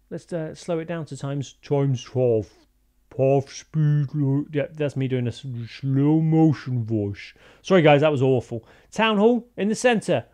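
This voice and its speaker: A man's voice: a little high, darkish tone. A man giving casual, jokey commentary over a strategy game, rambling into silly asides. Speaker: gaming YouTuber.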